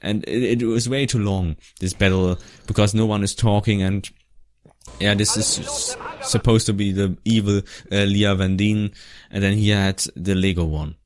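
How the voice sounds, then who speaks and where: A man's voice: fairly low pitch, fairly even intonation, moderate pace. A man talking casually about his old fan video, rambling and restarting his sentences as he goes. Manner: rambling, restarts often, laughs now and then. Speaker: vlogger.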